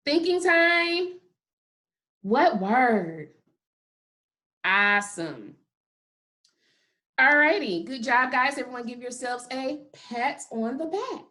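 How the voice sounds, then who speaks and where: A woman teaching a kindergarten phonics lesson, sounding out letters slowly and praising often. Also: high-pitched, expressive, sharp tone. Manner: slow, drawn-out sounding of letters with frequent praise. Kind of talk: phonics lesson for young children.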